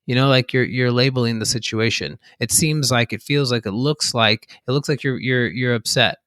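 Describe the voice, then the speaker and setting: A man's voice: medium pitch, steady tone, normal speed, fairly bright tone. A man co-hosting a podcast in a casual, rambling way, often restarting his sentences and laughing lightly. His voice sits in an ordinary middle range. The sound is close and dry, with no room echo. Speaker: podcast co-host.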